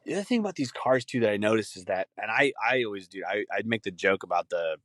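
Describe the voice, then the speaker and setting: A man with a lowish voice hosts a podcast, talking in a loose, rambling solo rant. He swears constantly and breaks into laughter, and the sound is dry and close. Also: animated, quick pace, fairly bright tone, no room sound. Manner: rambling, profane, laughing often. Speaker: podcast host.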